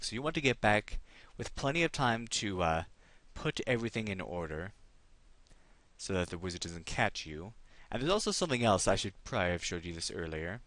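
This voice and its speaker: A man's voice: fairly low pitch, fairly bright tone. A man hosting a let's play, chatting and reading game text aloud.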